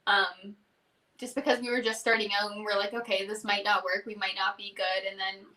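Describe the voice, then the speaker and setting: A woman's voice: mid-range voice, level tone, fairly quick, bright, forceful tone, distant mic. A young woman in her twenties, a singer guesting on a casual interview chat, telling stories and quoting her bandmate. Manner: chatty storyteller who quotes her bandmate. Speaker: country duo singer, guest.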